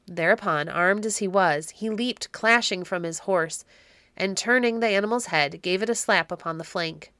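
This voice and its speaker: Woman narrator, audiobook of a classic, measured calm reading, dry close mic. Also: medium pitch, dry recording.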